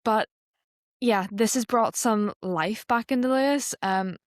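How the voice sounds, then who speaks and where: A woman co-hosting a motorsport podcast, chatting casually in a bubbly, expressive way with frequent laughter. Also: fairly high pitch, unhurried, dry recording, studio quality. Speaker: podcast co-host. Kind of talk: casual chat.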